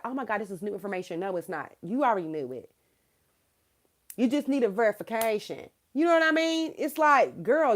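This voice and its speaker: A woman's voice: on the high side, fairly bright tone. A woman in her thirties giving a live tarot reading, talking frankly and laughing often as she calls the viewer girl. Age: 30s. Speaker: tarot reader.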